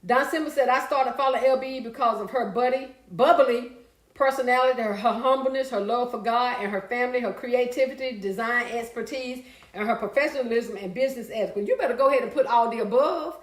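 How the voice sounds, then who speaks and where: A chatty, lively woman with a high voice hosts a casual livestream from an echoey room, reading viewer comments at a brisk pace. She breaks into song and laughter along the way.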